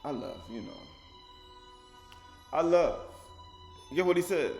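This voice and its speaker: A man's voice: fairly high pitch, very animated, slow pace, long pauses, a little mellow, echoey room, faint music behind. A man teaching a sermon, with rising emphasis, rhetorical questions and casual speech, acting out quoted speakers. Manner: colloquial, acts out quoted speakers.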